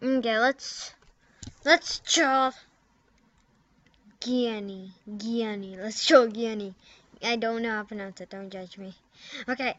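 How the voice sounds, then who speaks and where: A woman's voice: a little high, a bit bright, dry recording. A young woman giggling and mumbling as she records a prank game video, typing at her computer. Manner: giggly, halting, mumbles and trails off. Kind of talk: casual giggly commentary while typing. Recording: dull lo-fi computer mic.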